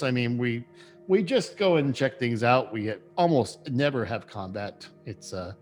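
A man running a tabletop game as game master, narrating with hesitant pauses and many fillers. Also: mid-range voice.

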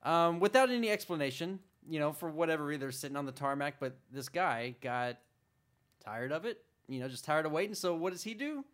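A man's voice: on the high side, expressive, a little fast, a bit bright. A man co-hosting a casual podcast, telling a story in a rambling way with lots of uhs and laughs. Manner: laughs often, rambling, says uh a lot. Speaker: podcast co-host.

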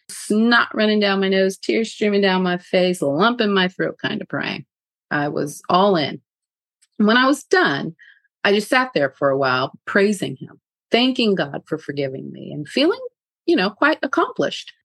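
An animated woman with a fairly low voice hosts her podcast, telling a personal story frankly and laughing often. Her pitch swoops up and down a great deal, and the sound is dry and close. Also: dry recording. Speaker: podcast host.

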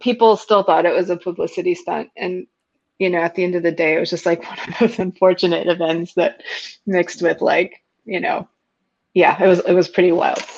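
A woman's voice: on the low side, fairly quick, vocal fry, muffled recording. A woman from Texas, a guest in a casual podcast chat, telling a story with acted-out quotes and frequent laughs. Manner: animated storyteller, acts out quotes, laughs often.

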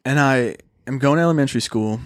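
A man's voice: mid-range voice, fast, no echo, clean studio sound. Slangy young man telling a story. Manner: slangy, swears a lot, says "dude" often. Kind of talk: casual storytelling chat.

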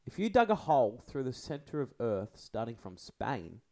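A man's voice: medium pitch, big pitch swings, moderate pace, darkish tone. A man hosting a podcast and running a trivia quiz in casual chat, teasing and swearing, often laughing.

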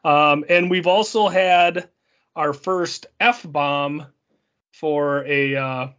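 A man's voice: on the high side, extremely slow, fairly bright tone, clean tone. A man co-hosting a casual movie discussion, explaining background with hesitant ums and restarts. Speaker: podcast co-host.

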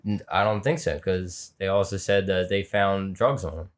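A man speaks in a lowish voice, leaning on his words with worn-out exasperation. He sounds like a friend venting in a casual podcast chat. His speech is plain and conversational. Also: fairly even intonation, normal speed.

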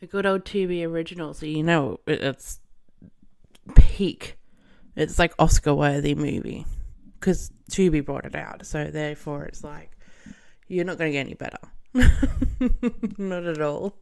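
A woman's voice: low-pitched, moderate pace, gravelly, darkish tone. A woman hosting a podcast, reviewing a film in a casual, irreverent monologue, swearing and laughing as she goes. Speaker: podcast host.

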